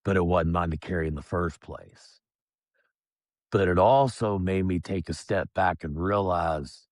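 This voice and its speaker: A man speaking as a podcast guest, telling his own story in a plain, calm and reflective way. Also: low voice, no echo, studio quality. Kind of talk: candid personal storytelling.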